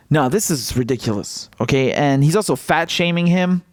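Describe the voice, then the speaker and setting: Animated, mocking male political commentator. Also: fairly high pitch, normal speed, few pauses, no room sound, studio quality. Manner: mocking, animated, laughs often. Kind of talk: casual commentary vlog.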